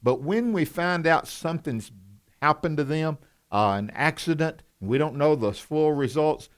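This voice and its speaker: A man's voice: fairly high pitch, moderate pace, smooth. Folksy male Bible teacher. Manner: folksy, asks questions, turns passionate at times.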